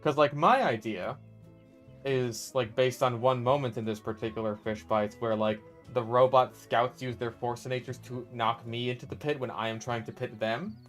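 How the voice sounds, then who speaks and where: A man casually commentating his own gameplay, swearing freely and breaking into loud exasperated yelling. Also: mid-range voice, steady tone, moderate pace, soft background music. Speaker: gaming video creator.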